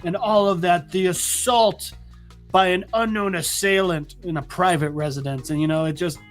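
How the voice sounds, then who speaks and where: A man's voice: sits high, steady tone, moderate pace, soft background music. A man hosting a casual comic book recap, rambling with many restarts. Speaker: host.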